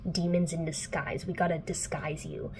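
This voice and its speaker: A woman voicing a cocky, snarky teenage boy demon hunter in a teasing, sometimes hushed way. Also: fairly low pitch, little pitch movement, moderate pace, slight background noise, close to an everyday voice, poor audio. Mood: smug.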